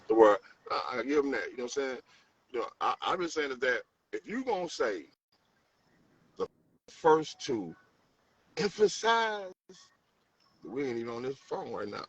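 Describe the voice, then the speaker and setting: A man's voice: medium pitch, big pitch swings, normal speed, pauses often, slightly rough. A man with a St. Louis accent in a casual debate, talking animatedly, repeating phrases and acting out quotes. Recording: distant mic, dull sound, faint room noise.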